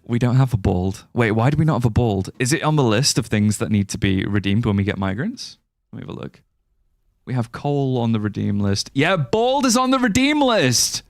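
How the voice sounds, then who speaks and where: A man's voice: medium pitch, big pitch swings, brisk, creaky, no room sound, clean studio sound. A young man with an English accent, chatting casually with viewers on a live gameplay stream, swearing and laughing often. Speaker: livestreamer. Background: faint guitar music.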